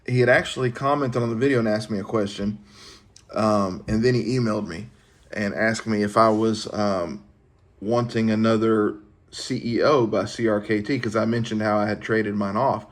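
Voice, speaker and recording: A man hosting a knife collecting vlog, talking in a relaxed, folksy way as he shows off mail he received. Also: on the low side, moderate pace. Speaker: knife collecting channel host. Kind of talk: casual show-and-tell vlog.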